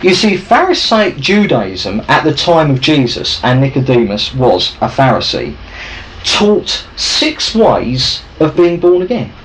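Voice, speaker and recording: A man teaches through a Bible passage and keeps checking that his listeners follow. His voice sits a little high and swings widely in pitch. A faint ambient hiss runs under the recording. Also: measured pace, poor audio. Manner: lively, conversational, checks in with listeners. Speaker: preacher.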